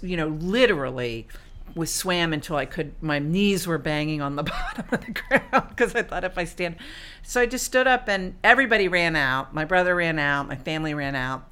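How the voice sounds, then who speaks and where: A woman's voice: deep voice, sharp tone, clean tone. Chatty woman telling a story in an interview. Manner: chatty, many fillers, acts out her own past thoughts. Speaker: guest, cancer survivor and swimmer.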